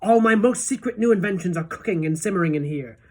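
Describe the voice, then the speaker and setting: A woman voicing an excitable, eccentric male candy maker in a storybook reading, with loud, eager, bossy exclamations. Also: lowish voice, quick pace. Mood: stern, eager.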